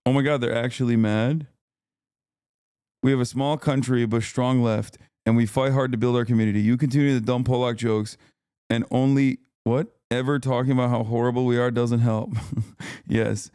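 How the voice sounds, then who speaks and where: A man's voice: mid-range voice, fairly even intonation, normal speed, dark tone, smooth, no room sound, clean studio sound. A man hosting a casual livestream, talking back to his chat in a profane, ranting way and laughing often. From lives in California. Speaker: livestream host.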